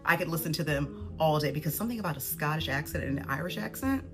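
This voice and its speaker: A woman from the United States giving casual, animated and sarcastic commentary. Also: deep voice, fast talker, soft background music. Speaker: social media commentator.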